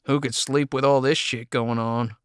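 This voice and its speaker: A man voicing a bitter, menacing Southern man with a raspy, croaking voice and a Southern US accent, speaking slowly and accusingly. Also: medium pitch, steady tone, no echo, clean studio sound, natural voice. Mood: brooding. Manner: slow, brooding, accusing.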